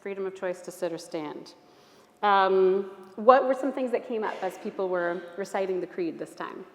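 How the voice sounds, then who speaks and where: A woman's voice: mid-range voice, moderate pace. Encouraging woman teacher in an echoey church. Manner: gentle, encouraging, invites the group to try things. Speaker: Alexander Technique teacher leading a workshop. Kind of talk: guiding a group exercise.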